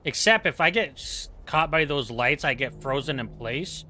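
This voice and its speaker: A male game streamer with a bright, fairly high voice that carries a keen, forward edge. He chats loosely and jokes at his own expense, wandering from one aside to the next. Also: lively intonation, normal speed, a little hiss or hum. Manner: joking, rambling, self-mocking. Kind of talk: casual chat while playing.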